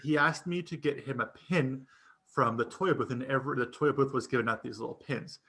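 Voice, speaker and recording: A man co-hosting a podcast, telling a story in casual chat, animated and profane, laughing often and acting out what people said. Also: mid-range voice, brisk. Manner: animated, laughing storyteller who swears and acts out quotes. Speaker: podcast co-host.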